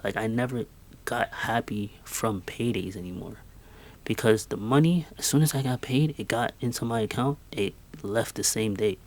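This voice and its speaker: A young man in his twenties delivers a motivational talk, earnest and emphatic. His voice sits a little on the low side, and he drives points home by repeating short phrases. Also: normal speed, darkish tone. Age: 20s. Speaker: podcast host. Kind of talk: motivational monologue.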